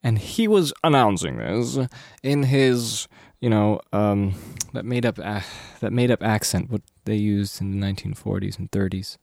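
A man's voice: fairly low pitch, moderate pace, gravelly, a little mellow, no echo, studio quality. A young man hosting a podcast, rambling casually and correcting himself with lots of fillers. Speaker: podcast host.

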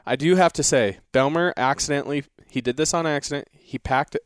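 Smooth-voiced man telling a hunting story. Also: fairly high pitch, no room sound, studio quality. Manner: rambling, restarts often, drawn-out retelling. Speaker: guest hunter. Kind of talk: casual storytelling.

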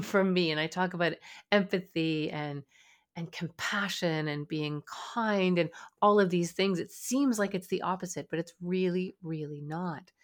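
Earnest woman parenting podcast host. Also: lowish voice. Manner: earnest, acts out parent dialogue. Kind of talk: motivational podcast talk.

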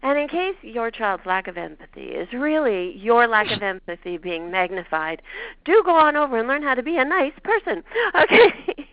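A woman's voice: fairly high pitch, big pitch swings, normal speed. A woman with a Canadian accent hosting a show, chatting casually and telling a personal story with laughs. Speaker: podcast host. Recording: dull lo-fi dry sound.

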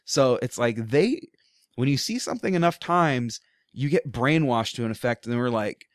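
Podcast dude ranting, swears a lot, dry close mic. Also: male voice, medium pitch, lively intonation, moderate pace, no room sound. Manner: ranting, blunt, profane. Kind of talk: casual podcast chat. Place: studio.

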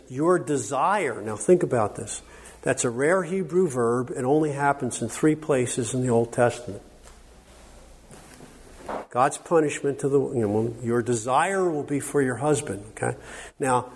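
A husky, darkish mid-range male voice leads a workshop lecture at a conference. The delivery is emphatic and conversational, with lots of "okay?" directed at the audience.

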